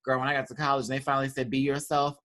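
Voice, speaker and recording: A man hosting a casual review chat, animated and playful, breaking into exclamations and laughter. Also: medium pitch, rapid-fire. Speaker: host.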